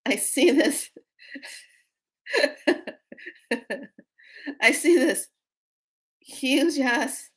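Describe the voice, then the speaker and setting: A woman in her fifties hosts a spiritual livestream, casually telling a story to her live audience, playful and laughing often. Her high-pitched voice draws out words, with long pauses.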